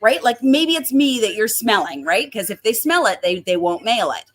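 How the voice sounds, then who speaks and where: A woman's voice: fairly high pitch, sing-song, normal speed. A middle-aged woman from Canada, a home grower chatting as a guest, giggling often and telling stories. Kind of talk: casual chat.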